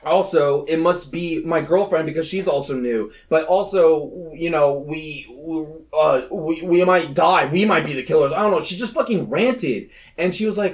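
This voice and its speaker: Male podcast co-host, high-pitched, animated storyteller, swears a lot, does quick character voices. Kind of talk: casual podcast chat, retelling a movie plot.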